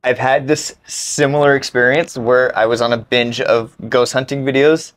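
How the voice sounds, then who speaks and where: A young man co-hosting a casual podcast, telling a personal story haltingly with restarts, then protesting excitedly. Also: mid-range voice. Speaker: podcast co-host. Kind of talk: casual chat.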